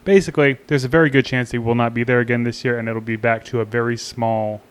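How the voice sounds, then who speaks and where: A Texan man with a mid-pitched voice runs the news segment of a barbecue podcast. He talks loosely and off the cuff, with casual swearing. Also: level tone, fast, smooth. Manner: loose, unscripted, swears freely. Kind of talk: casual chat.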